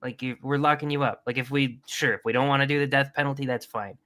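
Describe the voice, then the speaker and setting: A man's voice: medium pitch, fairly even intonation, quick pace, bright, forceful tone, no echo. A young man co-hosting a casual podcast, blunt and profane with indignant outbursts. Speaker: podcast co-host. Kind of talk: casual chat.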